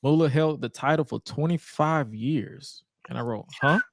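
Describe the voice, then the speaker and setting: A man's voice: fairly high pitch, normal speed, vocal fry, noisy background. A man co-hosting a podcast, recapping old wrestling shows in a laid-back, joking, profane way. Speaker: podcast co-host. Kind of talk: casual wrestling recap chat.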